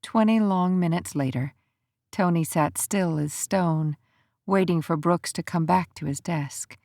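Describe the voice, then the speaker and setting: A woman narrating a romance audiobook in an even, measured storytelling manner. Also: lowish voice, no room sound, clean studio sound.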